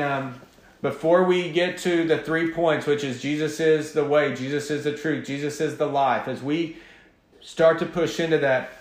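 A man delivers a sermon as a pastor, earnest and emphatic in his preaching. His voice sits a little high for a man. The room around him gives a noticeable echo. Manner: earnest, emphatic preaching with a quiet prayer opening.

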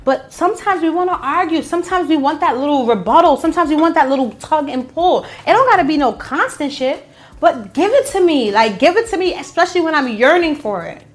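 A woman's voice: high voice, lively intonation, fairly quick. A young woman co-hosting a casual chat on camera, telling stories bluntly and with animation. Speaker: podcast co-host. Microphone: on camera, eating while talking.

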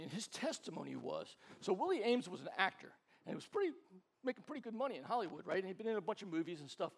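A pastor with a high, light male voice preaching in a relaxed, conversational way. He tells stories and acts out other people's lines, stumbling and repeating words as he goes. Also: creaky, breathy edge. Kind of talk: casual sermon storytelling.

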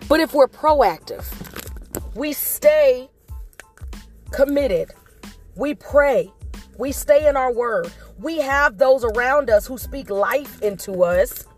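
A woman's voice: high voice, animated, slow pace, darkish tone, faint music behind. A woman hosting a motivational vlog, giving an earnest, faith-based pep talk that repeats its points to encourage listeners.

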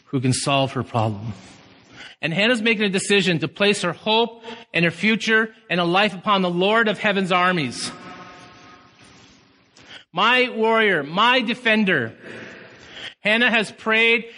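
Male pastor, passionate sermon delivery, sharp bright tone, church reverb. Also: sits high. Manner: passionate preaching, surges to shouts. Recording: long hall reverb.

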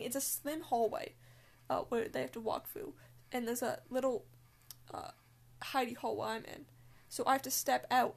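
A woman's voice: a little high, vocal fry. A young woman telling a story in casual chat, blunt and full of swearing and fillers. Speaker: scare actor.

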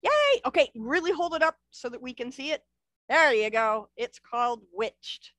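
A cheerful, encouraging woman hosts an online author event, her voice a little high. The sound is dry and close on a video call. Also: sing-song, moderate pace, fairly bright tone, dry recording. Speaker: event host. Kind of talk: upbeat event hosting.

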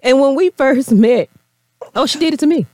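Woman co-host, teasing, bouncy pitch, dry sound. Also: animated, normal speed, warm tone, no room sound. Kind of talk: casual chat.

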